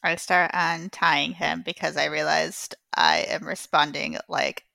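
Playful woman with a gravelly edge. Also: deep voice, fairly even intonation, measured pace, sharp tone, no echo. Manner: playful, teasing. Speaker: player. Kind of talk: casual tabletop play.

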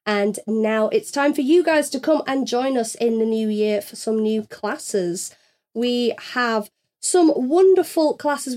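A woman hosting a casual podcast, her voice sitting a little on the high side. She moves from relaxed chat into bright, friendly promotional reading. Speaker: podcast host.

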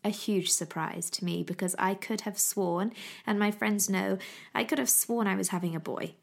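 Gushing chatty woman with a gravelly edge. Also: medium pitch, steady tone, moderate pace. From England. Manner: chatty, gushing, repeats herself. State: pregnant. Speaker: podcast host. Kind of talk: casual chat.

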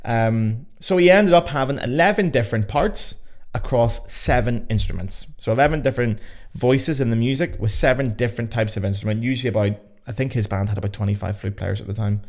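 A young Belfast man from Northern Ireland hosts a casual educational podcast, chatting, joking and swearing freely into a podcast mic. His mid-range voice moves fairly quickly and has a darkish tone.

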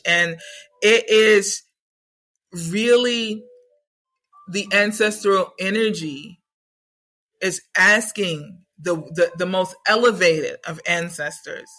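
Woman spiritual coach chatting, animated, repeats herself a lot, bright sharp voice. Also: lowish voice, low-quality recording. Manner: animated, repetitive, conversational, asks "right?". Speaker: spiritual coach and podcast host. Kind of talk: casual spiritual teaching talk.

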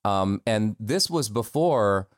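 A man from the United States talks in a deep, low voice, recorded close and dry with no room sound. He tells stories at an easy pace, full of ums and little laughs. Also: takes it slowly, no room sound. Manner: relaxed storyteller with frequent fillers and laughs. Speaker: voice actor guest. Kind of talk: casual interview chat.

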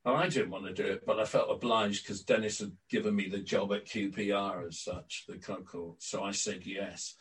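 An older man, a guest on an interview podcast, telling lively stories from his career and acting out quotes. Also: lowish voice, normal speed, few pauses, far from the mic, poor audio. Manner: lively raconteur, acts out quotes. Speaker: interview guest, former club announcer. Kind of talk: anecdotal storytelling.

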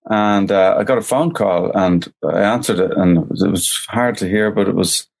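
A middle-aged man from Ireland, a musician guest on a podcast. He talks in a fairly low voice and spins relaxed, rambling anecdotes, filling his sentences with "you know". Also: vocal fry. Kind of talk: storytelling in an interview.

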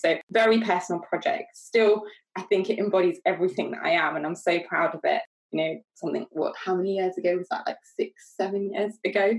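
A woman's voice: lowish voice, low-quality recording. A young woman from London with a London accent, openly and earnestly telling her story as a guest over a video call. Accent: London English. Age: young adult. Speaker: guest, jewellery designer. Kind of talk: casual interview chat.

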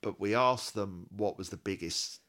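A man's voice: on the low side, moderate pace, a bit bright. A man co-hosting a podcast, chatting casually with wry, self-mocking humour. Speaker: podcast co-host. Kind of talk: casual chat.

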